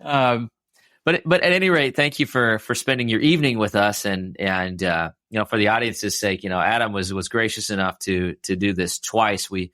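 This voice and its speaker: A man's voice: lowish voice, normal speed, bright, forceful tone, no room sound, clean studio sound. A man with a Midwestern American accent hosting a podcast interview, chatty and full of fillers and restarts. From Midwest US, Iowa. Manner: chatty, many fillers and restarts, laughs easily. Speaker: podcast host. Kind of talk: casual interview chat.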